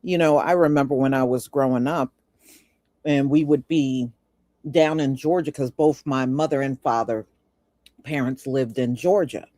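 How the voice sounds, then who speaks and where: A man with a mellow, warm voice shares memories in easy, casual conversation. The sound is dry and close to the mic. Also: medium pitch, a little slow, no room sound.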